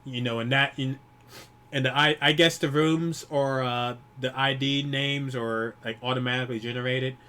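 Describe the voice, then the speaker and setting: A man grieving while talking alone to the camera, rambling and swearing often, with many restarts and pauses. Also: mid-range voice, fairly even intonation, bright, forceful tone, clear, resonant tone. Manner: profane, rambling, frequent restarts. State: grieving, holding back tears. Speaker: YouTuber. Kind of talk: personal vlog monologue.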